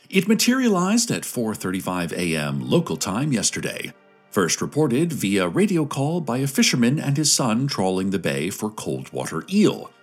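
A man delivering scripted radio news narration in a calm, deadpan manner. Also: medium pitch, breathy edge.

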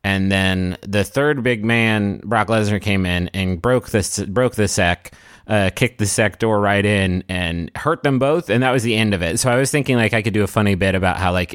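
A man's voice: on the low side, a bit bright, dry recording, studio quality. A man co-hosting a comedy podcast, joking, riffing on bits and swearing casually. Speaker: podcast co-host.

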